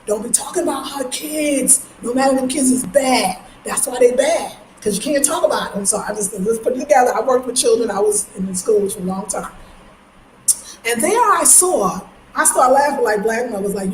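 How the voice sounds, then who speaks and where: A middle-aged woman from Brooklyn talks through a casual vlog, her voice sitting a little high. She tells her stories with energy and slips into the voices of the people she quotes. The room is echoey, with faint noise underneath. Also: moderate pace. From Brooklyn, New York. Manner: chatty, animated storytelling with voiced quotes. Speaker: travel vlogger. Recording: roomy echo with faint background noise.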